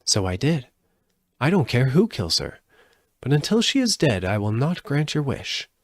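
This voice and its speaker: A man voicing a lovely, powerful winged lady in a storybook reading, measured and haughty as she bargains. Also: medium pitch, sing-song, no room sound, voice pushed up.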